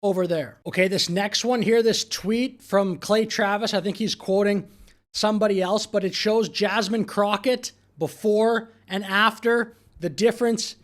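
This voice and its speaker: A man's voice: high-pitched, fairly even intonation, measured pace. A man hosting a political commentary show, talking over clips in a mocking, exasperated way. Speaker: commentary channel host.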